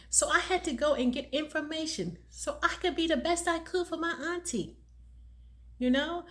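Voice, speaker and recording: A woman's voice: high-pitched, a bit bright. A middle-aged woman talking earnestly to viewers as a caregiver and awareness speaker, repeating phrases for emphasis. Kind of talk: heartfelt personal talk to viewers.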